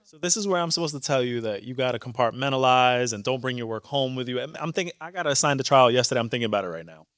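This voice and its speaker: A man's voice: mid-range voice, dry recording, clean studio sound. A man in his thirties with a New York accent, a judge telling stories candidly and earnestly in a conversation before an audience. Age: 30s. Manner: animated, candid and earnest, quick restarts. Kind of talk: conversational storytelling on stage.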